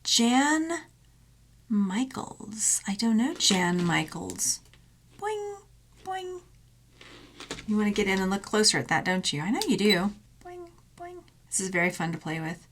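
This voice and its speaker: A woman's voice: medium pitch, animated, normal speed, a bit bright, a little hiss or hum. A woman from Texas, a thrift jewelry reseller, chatting playfully through an unboxing vlog with jokey asides and silly sound effects.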